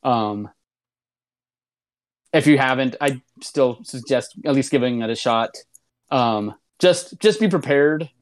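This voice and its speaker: A man's voice: medium pitch, animated, slow, long pauses. A man in casual conversation, retelling at length in a loose, rambling way with lots of filler words. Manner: rambling retelling, many "um"s and "like"s, restarts. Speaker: podcast co-host reviewing a comedy show. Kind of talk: casual chat.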